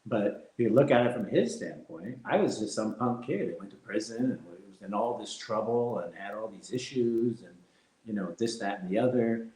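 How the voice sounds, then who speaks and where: A middle-aged man, a former fighter, speaking as an interview guest, reflective and animated as he tells anecdotes with frequent laughter. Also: fairly low pitch, normal speed, roomy sound, rough recording. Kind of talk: candid interview storytelling.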